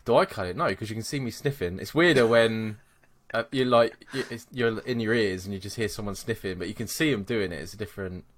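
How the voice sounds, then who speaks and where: Excitable man, podcast host, loose casual banter full of swearing. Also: fairly low pitch, fast. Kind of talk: casual chat.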